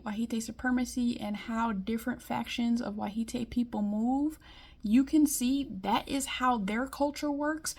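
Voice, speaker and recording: Woman from Detroit, vlogger; blunt, emphatic, chatty delivery, voice on the high side. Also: darkish tone. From Detroit, US Midwest. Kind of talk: casual monologue commentary.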